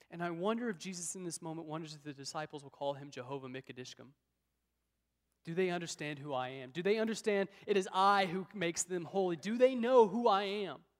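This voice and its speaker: A high-pitched male preacher delivers a sermon, telling Bible stories with drama and voicing the people in them. His voice rings out with a long reverb, as if in a large church hall. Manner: dramatic storytelling, acts out biblical speakers.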